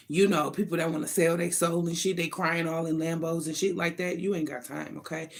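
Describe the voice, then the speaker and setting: A woman giving a casual spiritual card reading to her viewers, blunt and profane, talking in emphatic, sassy bursts and thinking aloud between them. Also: on the low side. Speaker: tarot card reader.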